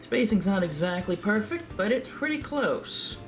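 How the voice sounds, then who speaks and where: A man giving a calm, step-by-step craft tutorial for a library. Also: sits high, a little slow, faint music behind.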